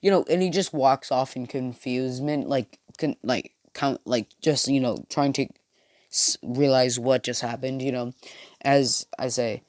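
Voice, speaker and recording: A man's voice: mid-range voice, measured pace, darkish tone, no echo, studio quality. A young man narrating an improvised fan story in a casual, rambling way, full of fillers and restarts.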